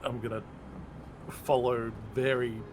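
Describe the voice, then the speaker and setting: A man's voice: medium pitch, level tone, takes it slowly, noisy background. A man playing a tabletop game, talking hesitantly with stammers. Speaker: player. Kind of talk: casual tabletop play.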